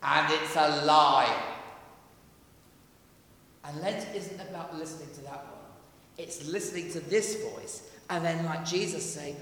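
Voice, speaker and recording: A man preaching a sermon in a church, earnest and emphatic, dropping to a hush for quoted voices. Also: fairly high pitch, unhurried, long pauses. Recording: echoey church, heard from a distance.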